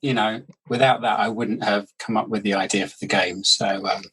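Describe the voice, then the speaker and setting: A middle-aged man with a Surrey English accent, a guest in an interview, talking in a relaxed, rambling way. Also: on the low side, a little fast, a little hiss or hum, poor audio. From Surrey, England. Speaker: board game inventor, guest. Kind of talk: casual interview chat.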